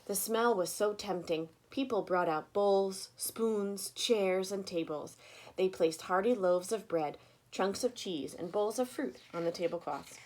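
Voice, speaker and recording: A woman reading a children's story aloud, expressive and inviting listeners to join in. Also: medium pitch, unhurried.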